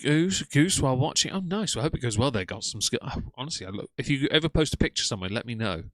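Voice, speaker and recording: A man's voice: medium pitch, expressive, fast talker. A young man giving casual, sarcastic live-stream commentary and talking to his chat. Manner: chatty, sarcastic, greets chat by name. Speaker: streamer reacting to videos.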